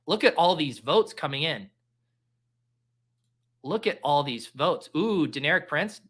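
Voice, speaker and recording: A man hosting a casual fantasy football draft stream, rambling through picks and viewer votes. His voice is bright and forward, and his jokes are self-deprecating. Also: a little high, animated, unhurried, husky.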